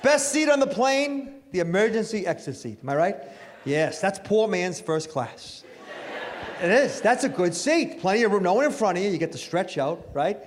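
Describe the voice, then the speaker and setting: A middle-aged man doing a stand-up comedy routine on a club stage, with a brash, punchy delivery and sudden loud bursts. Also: sits high, sing-song, normal speed.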